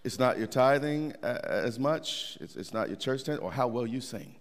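In the long, echoing reverb of a church sanctuary, a middle-aged pastor delivers a sermon in an animated mid-range voice at normal speed. His talk is conversational, full of repeated words and fresh starts.

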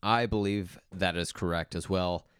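A man co-hosting a music podcast in casual chat, laid-back and hesitant, filling pauses with "um" and "like". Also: low-pitched, fairly even intonation, a bit bright, smooth, dry recording, studio quality. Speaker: podcast co-host.

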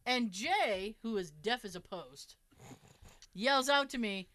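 A woman tells a story in a casual chat with friends, cursing freely and acting out what everyone said. Her voice sits high and bright and swings widely in pitch as she goes. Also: expressive, slow, clean tone, no echo. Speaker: podcast host telling a story.

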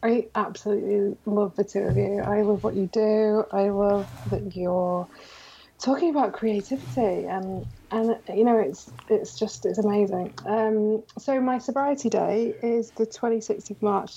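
A woman guest on a podcast interview with a calming voice, talking openly and reflectively with frequent ums. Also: mid-range voice, a little slow, creaky, highs cut off, slight background noise. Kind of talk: conversational interview.

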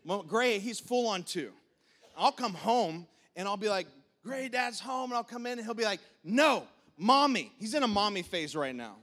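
High-voiced animated man preaching. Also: fairly quick. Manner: animated, acts out God and people in short quoted voices. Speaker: pastor. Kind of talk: sermon.

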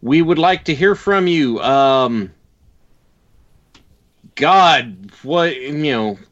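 A man co-hosting a podcast, talking casually in a measured, hesitant, explanatory way. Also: a little high, lively intonation, a bit bright. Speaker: podcast co-host. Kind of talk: casual chat. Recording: dull lo-fi sound.

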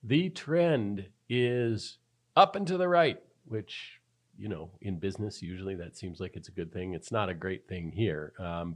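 Deep-voiced man explaining tech news. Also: darkish tone. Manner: wry, chatty explainer. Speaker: podcast co-host. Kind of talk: casual tech podcast chat.

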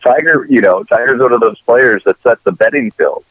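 A man co-hosting a casual talk show rambles, voices strong opinions and curses a lot in podcast-style chat. His mid-range voice is brisk, with phone-quality sound and no room ambience.

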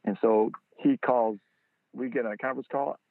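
A man, a product founder being interviewed, telling a lively story and acting out quotes with a jump in pitch. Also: normal speed, dry recording. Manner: animated storyteller, acts out quotes in a higher voice. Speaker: guest, football training product founder. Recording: tinny phone-line audio.

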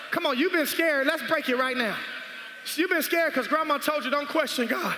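A man preaching a sermon, shouting and calling on the congregation to respond. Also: very high voice, normal speed. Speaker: pastor. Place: large church hall. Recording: echoey hall with crowd noise.

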